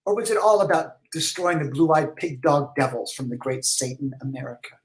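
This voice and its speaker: A man voicing an eccentric, pompous, flamboyant letter writer in a high, theatrical voice with drawn-out words, reading letters aloud for comedy. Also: expressive, low-quality recording. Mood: grandiose.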